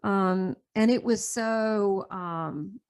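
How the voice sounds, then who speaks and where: A woman's voice: medium pitch, extremely slow, a little mellow, smooth. Middle-aged woman telling her story candidly. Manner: rambling, restarts often, laughs between thoughts. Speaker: interview guest.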